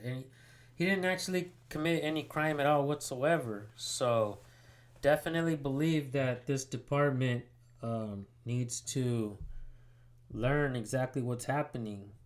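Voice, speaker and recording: This man's voice sits in the mid range and has a darkish tone. He hosts a citizen journalism channel, talking casually while he presses a sheriff's station over the phone, and his delivery is rambling and full of fillers.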